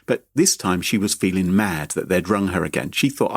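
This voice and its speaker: Animated man telling a story. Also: low-pitched, normal speed. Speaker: podcast host. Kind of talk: casual chat.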